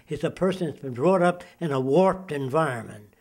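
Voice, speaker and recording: Older man lecturing emphatically, fairly high. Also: expressive, moderate pace, darkish tone. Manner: lecturing, emphatic, asks rhetorical questions. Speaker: interviewee, futurist. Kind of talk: interview monologue.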